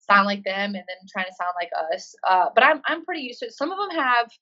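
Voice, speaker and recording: A woman's voice: mid-range voice, expressive, quick pace, bright, forceful tone. Chatty woman on a dull remote line. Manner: chatty, lots of ums and likes. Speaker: guest, Marine and CrossFit coach. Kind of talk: casual interview answers. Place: living in Australia.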